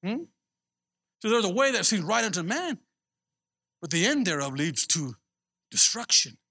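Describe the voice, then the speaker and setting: Man, pastor, sermon, lively swooping pitch, bright voice, calls out to the crowd. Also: normal speed, slightly rough. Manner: animated, repeats himself, calls out to the congregation. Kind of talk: sermon with personal story.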